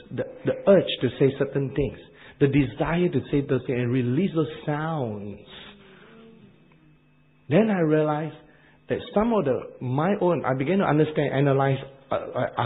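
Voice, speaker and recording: A man with an Asian accent preaching a sermon, animated and repetitive, laughing at his own jokes. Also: fairly high pitch, narrow, tinny audio.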